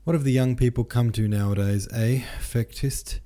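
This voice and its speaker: A man's voice: medium pitch, steady tone, moderate pace, mellow, pitched above the performer's own voice, lightly acted. A man reading an audiobook, voicing a fussy, flustered old count who gives orders with many exclamations.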